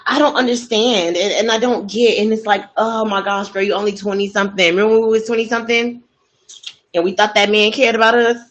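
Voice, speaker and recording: A woman host telling a story in a casual, gossipy way, chatty and expressive, asking many rhetorical questions. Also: mid-range voice, rough recording.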